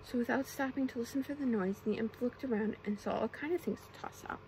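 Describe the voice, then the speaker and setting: Brief: young woman, whispered role-play storyteller, soft hushed reading, a touch high, faint hiss behind. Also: fast talker, poor audio. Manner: soft, often whispered reading with playful character voices. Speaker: ASMR storyteller.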